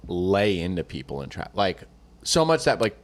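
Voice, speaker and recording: A man's voice: low voice, sing-song, moderate pace. A man co-hosting a podcast, rambling and swearing casually while he tells stories and acts out quotes in other voices. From Northern California. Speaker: podcast co-host. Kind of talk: casual chat, storytelling.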